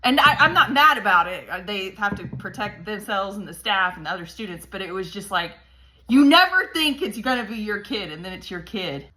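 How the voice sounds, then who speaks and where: A worn-out woman in her thirties talks straight to camera in a candid vlog. Her voice is bright and forward, and she swears freely, cracking dark jokes to cope. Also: mid-range voice, animated, brisk. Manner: profane, darkly humorous, venting. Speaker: parent vlogger.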